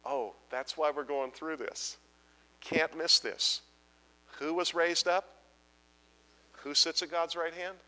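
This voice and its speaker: A man preaches a Bible-teaching sermon with a bright, forceful edge to his voice. He pushes each point hard and keeps asking the congregation to answer him. His voice rings through a large hall with a long tail of reverb. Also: a little high, steady tone, takes it slowly, pauses often. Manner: emphatic, asks the audience repeated questions.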